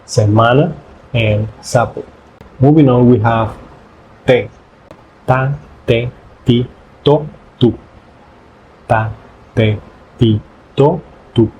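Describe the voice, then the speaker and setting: A man whose first language is Spanish, teaching pronunciation in English by repeating syllables in slow drills. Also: medium pitch, noisy background. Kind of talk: pronunciation lesson.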